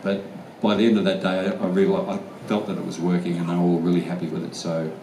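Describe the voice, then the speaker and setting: A man's voice: low voice, level tone, fast, warm tone. A man with an Australian accent telling stories in a casual, blunt way, swearing freely as a guest actor at a convention Q&A. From Australian outback. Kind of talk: casual storytelling Q&A answers. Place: large convention hall. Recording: echoey hall, from far off, faint room noise.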